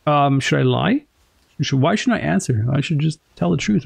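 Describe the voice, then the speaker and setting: Excitable, swearing gaming commentator. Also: mid-range voice, moderate pace, creaky. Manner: excitable, profane reactions. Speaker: gaming streamer. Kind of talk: let's play commentary.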